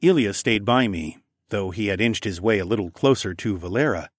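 A man's voice: fairly low pitch, expressive, a little fast, no room sound. Man narrating a fantasy audiobook, dry.

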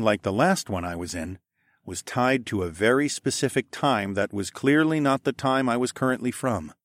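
A male audiobook narrator tells a first-person fantasy story with expressive delivery, his voice sitting on the low side. The recording is dry and close.

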